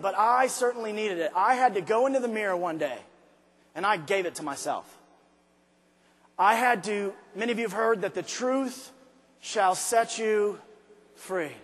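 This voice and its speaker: A man giving a motivational speech to a large arena crowd, dropping to quiet asides and then shouting his points slowly and hard. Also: high voice, husky. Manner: swings from quiet intimate asides to shouted, drawn-out emphasis. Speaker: motivational speaker. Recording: live speech with long hall reverb.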